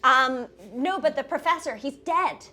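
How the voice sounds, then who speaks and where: A woman speaking fairly high as she plays a tabletop horror game, hesitant and earnest with many fillers. Soft music drifts faintly behind her. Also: measured pace. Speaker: player. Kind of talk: in-character tabletop play.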